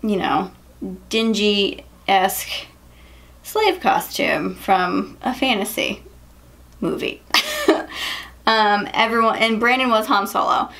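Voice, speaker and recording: A woman's voice: mid-range voice, gravelly, a bit bright. A young woman vlogger chatting casually about makeup and telling a story, full of "like" and "um". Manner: chatty, lots of "like" and "um", quick laughs. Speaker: beauty vlogger.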